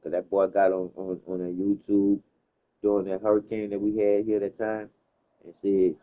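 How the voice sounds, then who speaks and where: A man's voice: lowish voice, level tone, a little slow. A man chatting casually, telling stories in a loose, slangy way, with plenty of cursing. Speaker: host. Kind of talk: casual chat. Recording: tinny phone-like sound.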